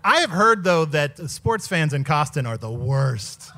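A man's voice: a little high, sing-song, measured pace, sharp tone. A man hosting an improvised comedy show, reacting with playful disbelief. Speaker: host.

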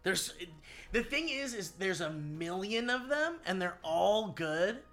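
A man's voice: high voice, very animated, slow pace, a bit bright, faint music behind. A male comedian co-hosting a podcast in laid-back, swearing, casual chat.

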